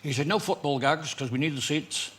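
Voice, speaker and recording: Guesting on a chat show, this older English comedian with a Liverpool accent spins jokey, animated anecdotes, laughing often and doing voices as he goes. He speaks briskly in a fairly high voice over slight background noise.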